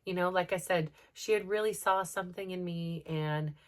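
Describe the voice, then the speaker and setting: A woman's voice: fairly low pitch, moderate pace. A middle-aged woman hosting a personal podcast, talking in an earnest, rambling way with lots of fillers, emotional as she opens up. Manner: earnest, rambling, full of "like" and "you know". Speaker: podcast host.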